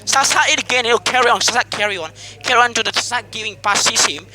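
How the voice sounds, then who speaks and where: A man's voice: extremely high pitch, fast, sharp tone, faint music behind. A man hosting an eating contest among friends, calling it like playful sports commentary, teasing the players and laughing often. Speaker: host commentating a mukbang contest.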